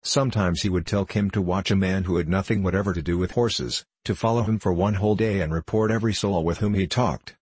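Male audiobook narrator, deep and husky, measured delivery. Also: darkish tone, dry recording. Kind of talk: scripted narration.

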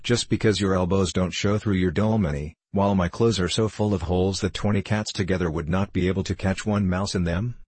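A man reading out a ragged, starving beggar boy who is proud and eager. the voice sits very low and husky, in a dry, close room, and the lines come in quick, earnest bursts. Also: fairly even intonation, a little mellow, dry recording. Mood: indignant.

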